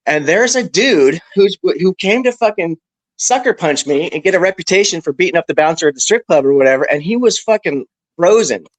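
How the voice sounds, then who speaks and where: A man on a discussion panel telling a story casually, animated and profane, with lots of "bro" and "right". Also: high-pitched, a little fast, no room sound, poor audio.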